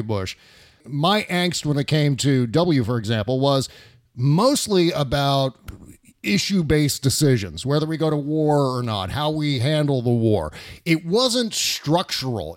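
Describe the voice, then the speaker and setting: A middle-aged man hosting a casual political chat, reflective and laughing often. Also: on the high side.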